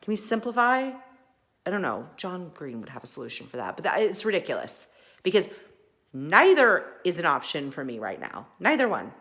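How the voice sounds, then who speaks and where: Lady ranting heartfelt on her own show, kinda low voice, folksy, lots of restarts, gets loud then quiet. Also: sing-song, normal speed. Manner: emphatic, restarts often, swings between loud and soft; folksy mild swearing. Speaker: podcast host. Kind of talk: impassioned personal monologue.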